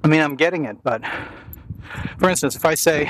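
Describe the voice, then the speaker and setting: American man, casual vlog monologue, wry and musing, slightly high voice, noisy outdoor recording. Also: a little fast, long pauses, fairly bright tone. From United States. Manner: musing, wry, self-correcting. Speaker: vlogger. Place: outdoors near running water.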